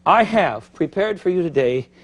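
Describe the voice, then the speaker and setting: A middle-aged man hosting a TV cooking show, chatty and animated, thinking aloud as he cooks in a studio kitchen. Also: high-pitched, moderate pace. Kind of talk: TV cooking demonstration. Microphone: broadcast mic.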